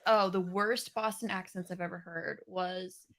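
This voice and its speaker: A woman's voice: fairly low pitch, a little slow. A woman from New England co-hosting a podcast, joking and chatting casually. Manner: jokey, lively storyteller. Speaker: podcast co-host. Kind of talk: casual chat.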